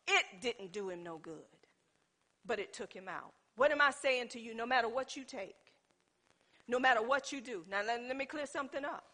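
High bright-voiced woman preaching. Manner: conversational preaching that builds to impassioned calls; informal, addresses the congregation as y'all. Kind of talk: sermon.

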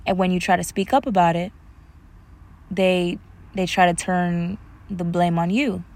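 A woman's voice: fairly low pitch, little pitch movement, a little slow, long pauses, darkish tone. A woman hosting a solo podcast with an African American English accent, talking casually and animatedly, slipping into playful voices when quoting others. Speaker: podcast host.

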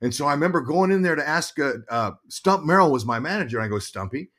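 A middle-aged man, a former ballplayer, telling stories as an interview guest in a lively, halting way that often repeats words. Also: on the high side. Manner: animated storyteller, repeats words while thinking. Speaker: guest, former pro baseball player and broadcaster. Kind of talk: casual interview storytelling.

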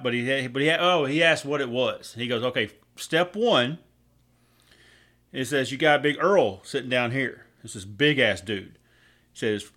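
A man co-hosts a casual podcast. He drawls through crude jokes with a lively, swinging pitch. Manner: drawling storyteller with crude punchlines. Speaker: podcast co-host. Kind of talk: casual joke-telling chat.

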